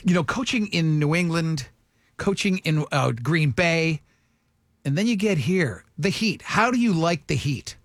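A man's voice: on the high side, lively intonation, no echo, studio quality. A male radio host interviewing a guest in a playful, joking way. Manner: playful, joking, quick restarts. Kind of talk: casual interview chat.

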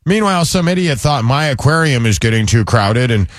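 A man's voice: mid-range voice, lively intonation, brisk, no echo, studio quality. A man co-hosting a casual talk show, telling a news story with wry, teasing asides. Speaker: co-host.

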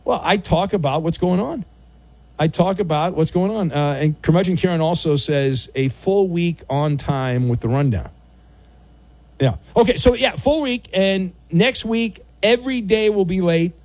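Man, sports radio host, wry banter, slightly high voice, dry close studio mic. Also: moderate pace, dry recording. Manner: wry and bantering, bursts into loud mock outrage. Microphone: studio microphone.

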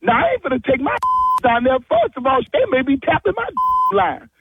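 Exasperated high-voiced man on a call. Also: very animated, moderate pace, no echo, highs cut off. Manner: exasperated, blunt, repeats himself. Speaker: prank call target. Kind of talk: heated phone conversation. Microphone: phone line.

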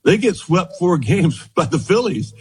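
Husky guy, kinda high voice, spinning old baseball stories in a chat. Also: a little slow, poor audio. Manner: animated storyteller, quotes others, repeats words. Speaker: guest, former baseball pitcher. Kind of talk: storytelling interview chat.

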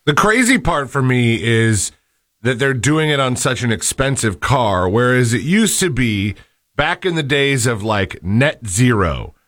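A man's voice: medium pitch, sing-song, a little slow, fairly bright tone, no echo. Stammering man co-hosting a tech chat. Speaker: show co-host.

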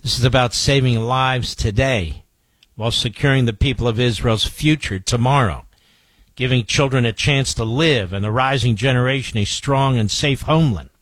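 A man's voice: mid-range voice, normal speed, fairly bright tone, no room sound. A man hosting a political talk radio show, emphatic and combative, firing off rhetorical questions and reading out ad copy. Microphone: studio microphone.

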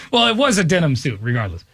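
A man's voice: fairly high pitch, a bit bright, slightly rough, no room sound. A man hosting a radio talk show, bantering casually and reading listener texts aloud.

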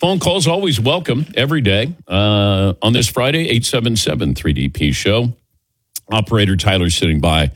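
Lively chatty male radio host. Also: fairly low pitch, no echo. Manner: chatty, animated storytelling with quick laughs. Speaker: sports talk radio host. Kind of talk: casual morning radio banter. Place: radio studio.

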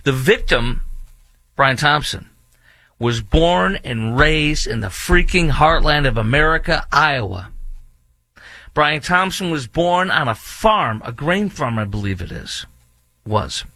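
A man's voice: on the high side, expressive, slow, bright, forceful tone, no echo. A man hosting an opinionated commentary monologue, indignant and repetitive, with many fillers and restarts. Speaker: political commentary host.

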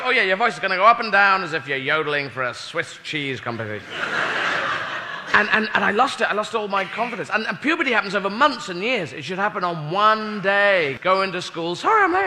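A man's voice: sits high, lively intonation, a little fast, sharp tone, in a large hall, slight background noise. Rambling stand-up man. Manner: rambling, flustered storytelling. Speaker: stand-up comedian. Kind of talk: stand-up set.

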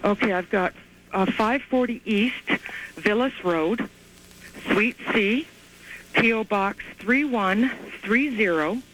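A woman calling in to a radio show over the phone, telling her story in an excited, rambling way with many restarts. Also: mid-range voice, slow pace, background noise. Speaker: caller. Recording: tinny phone line.

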